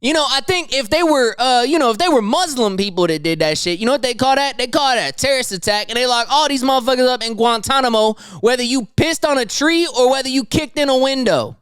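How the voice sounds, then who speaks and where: A man's voice: very high-pitched, quick pace, few pauses, fairly bright tone, clean tone, no echo, clean studio sound. A young man hosting a podcast, ranting about the news in heated, slangy, profane casual talk. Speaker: podcast host. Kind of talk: casual news commentary rant.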